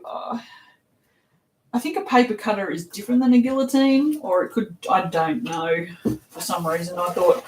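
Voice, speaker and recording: A woman's voice: medium pitch, distant mic. An Australian woman chatting casually while she packs orders, reading comments aloud, laughing often and swearing offhandedly. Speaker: soap shop owner packing orders. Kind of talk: casual live-stream chat while working. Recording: echoey room, voice somewhat off mic, faint noise.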